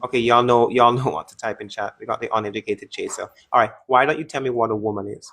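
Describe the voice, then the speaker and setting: A man's voice: mid-range voice, steady tone, fast, a bit bright. A man hosting a live-stream debate, taunting and interrupting callers in a combative way.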